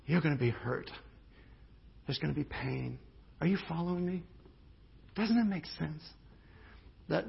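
A man with a fairly high, husky voice and a gravelly edge preaches a sermon like he is telling a story to the room. He talks conversationally, restarts his phrases and leans hard on the key points. The recording sounds dull and lo-fi. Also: lively intonation, normal speed, long pauses. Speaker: pastor.

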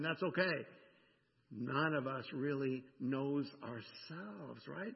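Pastor guy preaching, gravelly voice, lots of "right?", dull echoey church sound. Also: medium pitch, measured pace. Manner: animated, conversational preaching with frequent "right?". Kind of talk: sermon. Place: church sanctuary.

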